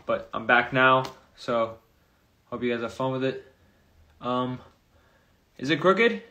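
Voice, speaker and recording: A man's voice: medium pitch, pushed and bright. A young man chatting casually on a livestream into his phone, loosely reading out and reacting to viewer comments. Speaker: streamer answering viewer comments.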